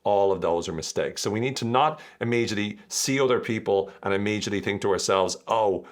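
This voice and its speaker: A man hosts a podcast in a relaxed, conversational way. He is chatty and jokey as he explains his points. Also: fairly low pitch, a little fast. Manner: chatty, jokey, acts out quoted voices. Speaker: podcast host. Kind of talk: casual explanatory monologue.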